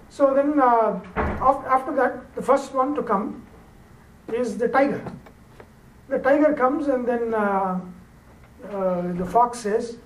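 A man's voice: very high voice, takes it slowly, long pauses, far from the mic, slight background noise. A man teaching through an old fable in a loose, conversational way with frequent fillers. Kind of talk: informal storytelling lecture. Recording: roomy echo, off-mic, faint ambience.

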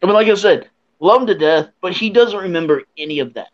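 A young podcast host tells a drinking story with a high-pitched voice and a quick pace, casual and animated, laughing as he acts out what people said. The recording has a dull, lo-fi sound.

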